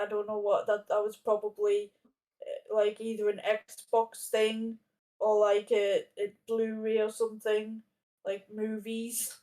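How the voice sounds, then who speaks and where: A woman's voice: fairly high pitch, warm tone. A woman in her thirties tells a story in loose, casual chat, piling up fillers and restarting her sentences. She sits a little away from the microphone, so her voice comes across slightly distant. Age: 30s. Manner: rambling, many fillers and restarts. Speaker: podcast guest.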